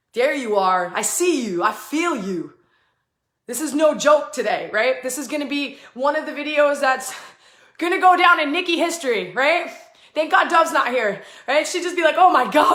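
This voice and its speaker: A woman hosting a live spiritual channeling session, fast and emphatic, with swearing, and breaking into chanted invented syllables. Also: high voice, a bit bright. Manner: fast, emphatic and effusive, with profanity; chants stretches of made-up syllables. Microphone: live online video stream. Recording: echoey room.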